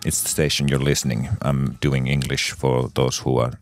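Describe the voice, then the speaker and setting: A man hosting a casual radio interview, halting and self-correcting as he talks and laughing often. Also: extremely low pitch, little pitch movement, soft background music. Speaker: radio host.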